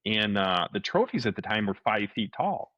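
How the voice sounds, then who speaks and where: Low-voiced man telling an animated story. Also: normal speed, dry recording, muffled recording. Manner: animated storyteller, acts out quotes, many restarts. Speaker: podcast co-host. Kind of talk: casual storytelling chat.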